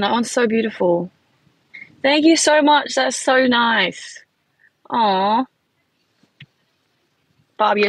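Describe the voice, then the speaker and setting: A young woman from Australia with an Australian accent, chatting bubbly and excited on a live stream from her phone in a car. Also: medium pitch, husky, dry recording, rough recording. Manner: bubbly, gasping and laughing at gifts, many "like"s. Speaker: livestreamer. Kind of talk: casual live stream chat.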